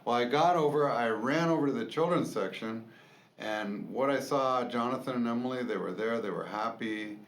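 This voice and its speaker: A man telling a funny family story in a casual chat, animated and often laughing as he talks. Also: mid-range voice, normal speed. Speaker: co-host sharing family stories. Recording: echoey room with faint hiss.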